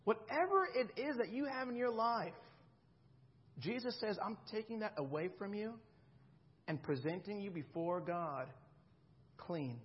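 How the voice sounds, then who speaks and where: A man's voice: high-pitched, expressive, measured pace, long pauses, breathy edge, lo-fi sound. A man in his thirties preaching a sermon in a conversational way, often checking in with the congregation. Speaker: pastor.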